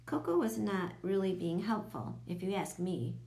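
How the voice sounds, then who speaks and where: Expressive woman reading a children's book. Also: mid-range voice, moderate pace, gravelly. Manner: lively, expressive storytelling. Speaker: audiobook narrator. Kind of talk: children's audiobook narration.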